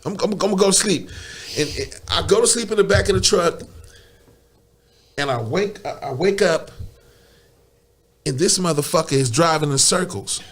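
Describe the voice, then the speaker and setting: A man's voice: fairly high pitch, lively intonation, moderate pace, long pauses, husky. A man who is a guest on a podcast, telling a story in casual, profane slang, stumbling over repeated words and laughing often.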